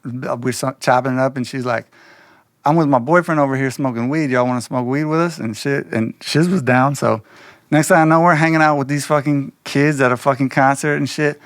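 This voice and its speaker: A man telling a personal story in loose, slangy, animated casual talk, slipping into quoted voices. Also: medium pitch, fairly quick, no echo, studio quality.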